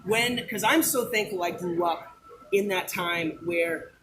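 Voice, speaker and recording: A man's voice: high-pitched, measured pace, fairly bright tone, slight background noise, low-quality recording. A man in his twenties chatting casually at a theme park, enthusiastic and rambling. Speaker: guest, Disney fan. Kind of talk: casual chat.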